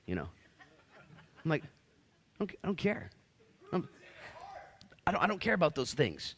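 A pastor in his thirties preaching a sermon, energetic and animated. His voice sits at an ordinary middle pitch, and he slips into quick voices for the people in his stories.

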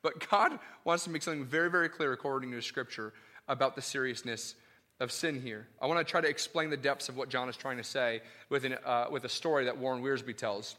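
A male pastor preaching a sermon in an animated, emphatic, conversational way. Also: mid-range voice, a little fast.

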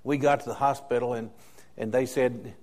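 An older male pastor delivering a sermon in a mellow, relaxed voice. He tells his points through personal stories and lingers on a phrase, repeating it for weight. His pitch sits in an ordinary middle range. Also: normal speed. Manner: storytelling, repeats key phrases for emphasis. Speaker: interim pastor.

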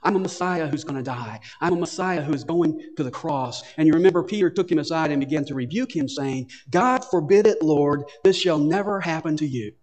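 A man's voice: a little high, a little fast, few pauses, darkish tone, big-room sound. A man preaching a sermon as pastor, emphatic, repeating phrases for weight.

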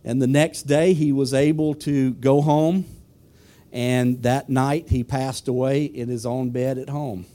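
A male preacher with a mellow, warm voice. He puts questions to the congregation and moves into a personal story. He speaks at a middle pitch in the manner of a church sermon. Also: fairly even intonation, measured pace. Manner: asks the congregation questions, then tells a story.

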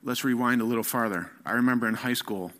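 A middle-aged man preaching a candid personal testimony, his voice bright and forward. He tells the story haltingly, full of fillers and restarts, earnest and unpolished. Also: mid-range voice. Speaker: guest speaker.

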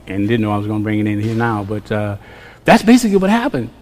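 A man preaching a sermon to a congregation, swinging from quiet musing to loud emphasis with repeated refrains. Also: on the low side, expressive, fast talker. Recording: long reverb of a large hall.

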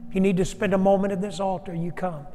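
A man's voice: high-pitched, flat delivery, fast talker, warm tone, in a large hall, a little hiss or hum. A man who is a pastor, preaching a sermon and leading an altar call, speaking earnestly and addressing his congregation directly. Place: church sanctuary.

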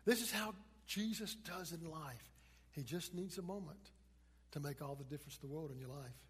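High-voiced preacher with a husky tone. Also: male voice, normal speed. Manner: dramatic, swings from loud emphasis to hushed. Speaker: pastor. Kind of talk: sermon. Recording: long reverb of a large hall.

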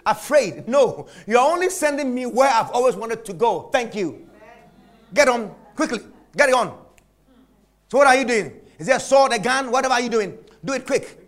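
A male preacher giving a sermon, emphatic, repeating phrases and swinging between shouts and hushed lines. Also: very high-pitched.

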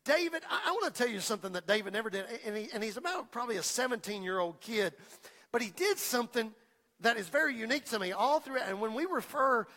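Fired up preacher guy, bright sharp voice, lots of repeating, big church echo. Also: very high voice, animated, fast talker. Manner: fervent, repetitive, building to shouts. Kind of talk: sermon. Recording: long reverb of a large hall.

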